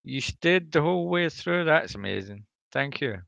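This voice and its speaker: A man's voice: on the high side, animated, normal speed, gravelly, fairly bright tone, dry recording. A man with a Scottish accent, co-hosting a casual livestream and teasing the host. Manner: teasing, jokey.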